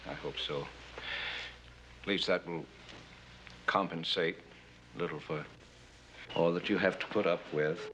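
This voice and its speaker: An actor playing a possessive, bitter husband who speaks softly and needles his wife in a 1960s television western. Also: sits low, fairly even intonation, unhurried, long pauses, a little hiss or hum, rough recording. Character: clinging, suspicious, bitter husband.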